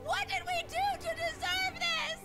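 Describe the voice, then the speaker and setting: A man voicing a panicked young woman in a visual novel read-aloud, screaming pleas in a shrill falsetto, soft and whispery once she calms. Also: unhurried, soft background music, exaggerated voice. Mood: frantic, pleading. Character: panicked young woman, hysterical then tearful.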